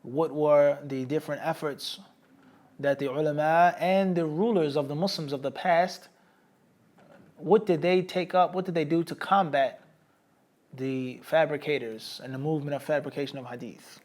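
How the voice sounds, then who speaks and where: A man teaching a hadith studies lesson in English, his voice sitting a little high for a man. He explains with everyday examples, peppers his talk with Arabic terms and keeps checking in with his students. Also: fairly even intonation, normal speed, darkish tone. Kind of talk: Islamic studies lecture.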